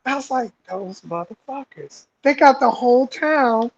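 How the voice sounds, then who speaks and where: A man's voice: extremely high pitch, normal speed, highs cut off. A man with a Southern American accent telling a story in casual chat, acting out the voices of the people in it. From Southern United States. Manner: animated, acts out voices in stories. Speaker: guest fighter.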